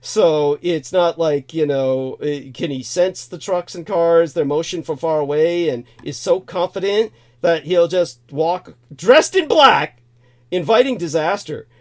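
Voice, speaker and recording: A man with a voice a touch higher than most men tells a long personal story. He wanders off on tangents, circles back and repeats key phrases, chuckling as he goes. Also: measured pace, few pauses, a little mellow. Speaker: host. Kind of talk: rambling spoken storytelling.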